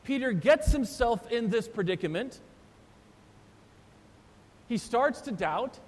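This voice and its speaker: A pastor preaching a sermon, retelling the story with animated voices for the disciples. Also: male voice, slow pace. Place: church sanctuary. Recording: long church reverb, faint rumble.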